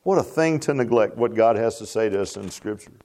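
A man's voice: fairly low pitch, animated, brisk, warm tone. A man preaching a sermon in a folksy, repetitive way that rises to emphatic bursts. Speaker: pastor.

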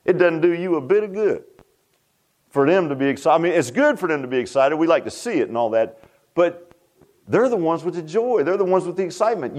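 Preacher guy, kinda high voice, folksy and emphatic, repeats himself a lot. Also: a little mellow. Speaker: pastor. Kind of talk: sermon.

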